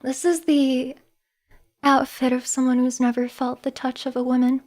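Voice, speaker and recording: A woman's voice: sits high, little pitch movement, moderate pace, darkish tone. A woman VTuber chatting casually on a livestream, giggly, emotional and self-deprecating, nervous with shaking hands. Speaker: VTuber streamer.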